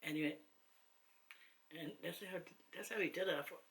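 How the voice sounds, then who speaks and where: A woman's voice: fairly low pitch, moderate pace, pauses often, fairly bright tone, a little hiss or hum. A woman chatting casually to camera while eating, rambling and laughing between asides. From New Zealand. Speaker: mukbang vlogger.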